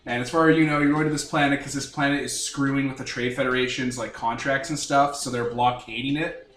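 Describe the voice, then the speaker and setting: A man's voice: mid-range voice, fairly even intonation, fairly quick, a bit bright. A man narrating a tabletop game as game master, setting scenes with wry asides. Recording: echoey room, from far off, music behind.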